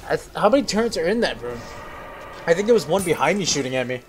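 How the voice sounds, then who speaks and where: A man's voice: on the high side, sing-song, moderate pace, pauses often, background noise. A young man talking to himself while playing a game, rambling, giggling and swearing. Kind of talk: let's play commentary.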